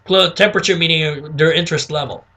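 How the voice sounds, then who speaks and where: Bright, high-voiced man coaching. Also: fast talker. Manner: chatty, repeats "okay?", acts out sample phone calls. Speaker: sales trainer. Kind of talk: casual instructional talk.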